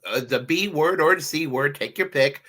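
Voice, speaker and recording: A man's voice: a little high, moderate pace, fairly bright tone. A man co-hosting a casual political chat, hesitant and full of restarts. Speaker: co-host.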